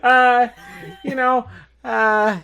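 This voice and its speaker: A woman's voice: on the high side, flat delivery, extremely slow, creaky, fairly bright tone, clean tone, exaggerated voice. A woman playing a forgetful old companion who rambles and trails off hesitantly. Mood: vague. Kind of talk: tabletop role-play.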